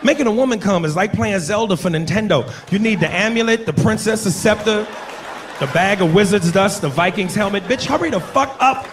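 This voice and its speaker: Brash high-voiced stand-up comedian. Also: male voice, a little fast. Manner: brash, profane, loud impressions. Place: comedy club stage. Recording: live club with loud crowd and noise. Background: audience laughter.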